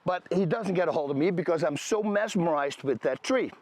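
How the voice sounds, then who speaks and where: A man with a fairly high voice tells his own story in an emphatic, conversational way. The sound is dry and close, with no room behind it. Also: animated, a little fast, darkish tone, no room sound. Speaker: video creator. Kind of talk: personal faith testimony.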